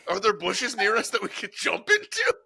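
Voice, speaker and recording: A young man playing a tabletop game, excitable and joking, with a gravelly voice. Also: high voice, moderate pace. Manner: excitable, joking, laughs a lot. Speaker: player. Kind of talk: casual tabletop game chat.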